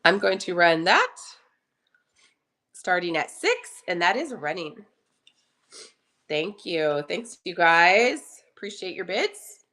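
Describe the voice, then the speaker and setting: A woman runs a live online auction from her home kitchen, greeting viewers by name in casual selling chat while recovering from a cough. Her voice sits on the low side yet comes across bright and forceful, very animated, slow, and full of frequent pauses.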